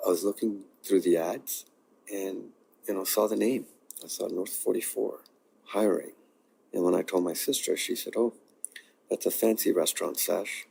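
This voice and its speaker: A man from India, a chef, telling his story in an interview, earnest and animated as he acts out the dialogue. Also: normal speed. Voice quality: low gravelly husky voice.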